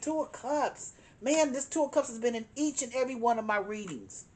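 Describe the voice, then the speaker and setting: A woman's voice: on the high side, fairly quick, darkish tone. A woman giving a tarot card reading, speaking emphatically, repeating her points and chuckling now and then. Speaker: tarot reader.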